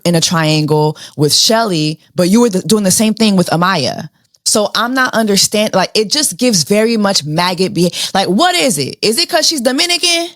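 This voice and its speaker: A woman's voice: medium pitch, no room sound, clean studio sound. A woman hosting a casual reality TV recap, sassy and slangy, firing off rhetorical questions. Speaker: show host.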